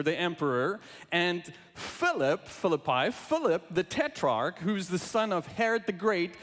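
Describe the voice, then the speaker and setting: A male pastor delivers his sermon in a large sanctuary, his voice carrying a long hall echo. He speaks with a high, animated pitch that swings widely and keeps an unhurried pace, and he brings the congregation into the talk in a playful way. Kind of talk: sermon with scripture reading.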